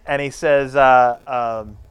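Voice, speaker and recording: A man's voice: medium pitch, little pitch movement, takes it slowly, clear, resonant tone. Profane, rambling male storyteller. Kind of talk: casual storytelling chat.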